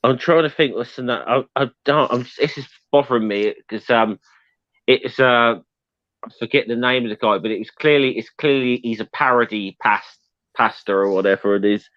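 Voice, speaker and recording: A man's voice: medium pitch, normal speed, no room sound. A man in casual stream chat who stammers into restarts and speaks bluntly with swearing. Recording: dull dry lo-fi mic.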